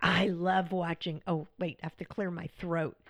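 A woman's voice: fairly low pitch, level tone, normal speed, no room sound. A woman hosting a podcast as a coach, talking in a chatty, friendly way and laughing often. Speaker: podcast host and widow coach. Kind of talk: casual podcast monologue.

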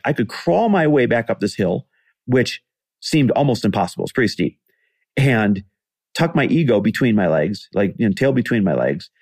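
A man's voice: on the low side, darkish tone, breathy edge, no echo, studio quality. A man in his forties telling a personal story in a candid, conversational way as a podcast host, acting out what people said. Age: 40s. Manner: candid, conversational, acts out quoted dialogue.

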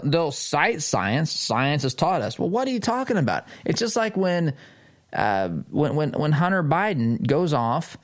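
A middle-aged man hosting a political commentary show, reading an article aloud and reacting with sarcasm and emphatic jumps in pitch.

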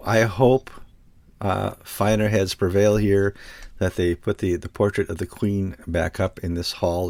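A man's voice: fairly low pitch, gravelly, no room sound. A man co-hosting a casual discussion, speaking in a wry, joking way. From United States. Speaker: co-host.

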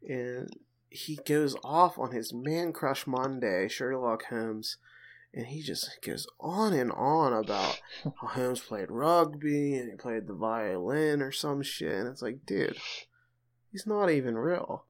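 Over a little hiss or hum, a podcast co-host with a mid-range male voice takes his time. The talk is casual and lively, with him animatedly retelling scenes and joking as he goes.

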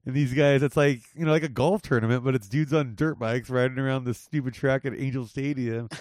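A man's voice: mid-range voice, fairly even intonation, fairly quick, a little mellow, dry recording. A young man hosts a casual podcast, cracking crude jokes and wandering from one tangent to the next. His voice sits mid-range and sounds dry and close to the mic. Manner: profane, jokey, rambling. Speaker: podcast host. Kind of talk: casual chat.

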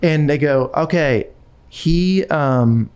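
A man in casual conversation, telling a personal story in an animated way with frequent restarts and repetitions. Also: fairly high pitch, slow pace, clean tone.

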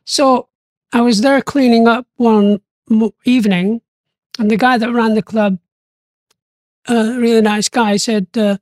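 An older man telling stories in an interview, animated and lively, often acting out what people said and laughing along. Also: very high-pitched, unhurried, dry recording. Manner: animated, acts out quoted voices, laughs often. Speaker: interview guest. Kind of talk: storytelling interview.

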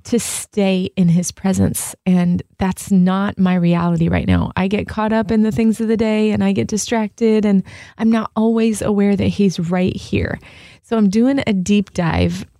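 A woman's voice: medium pitch, steady tone, unhurried, warm tone, dry recording, clean studio sound. A woman co-hosting a casual devotional chat, speaking earnestly and from the heart, with many "like" fillers. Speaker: co-host.

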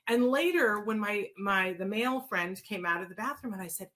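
A woman hosting a show, telling personal stories and answering listener questions in a casual, expressive way, with many fillers and restarts. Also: medium pitch, normal speed, few pauses.

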